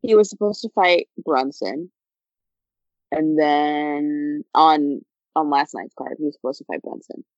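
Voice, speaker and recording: A young woman talks in a laid-back, joking way as a podcast co-host and swears casually. Her voice sits fairly low. The recording is dry and somewhat dull. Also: a little slow, no echo. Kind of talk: casual chat.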